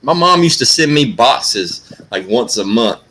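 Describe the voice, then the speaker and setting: A man's voice: mid-range voice, very animated, unhurried, bright, forceful tone. A man hosting a casual livestream chat, telling food stories with casual swearing and emphasis. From American South. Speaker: livestream host.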